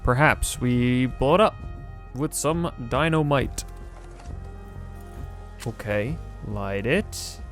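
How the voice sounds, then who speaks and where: A man's voice: mid-range voice, lively intonation, slow pace, long pauses, soft background music. A man giving casual, sarcastic running commentary while playing a video game, often exasperated. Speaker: gaming video host. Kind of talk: casual let's-play commentary.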